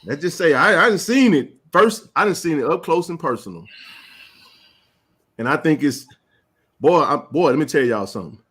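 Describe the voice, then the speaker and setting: A man hosting a live sports chat, ranting with passion and rising to shouts. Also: on the high side, lively intonation, moderate pace, long pauses, husky. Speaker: sports talk show host.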